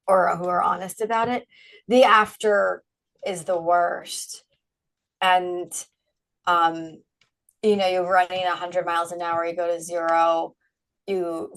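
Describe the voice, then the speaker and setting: A middle-aged woman, a brand founder, is interviewed as a guest and speaks candidly and animatedly, laughing often. Her voice sits on the low side, and the recording is rough.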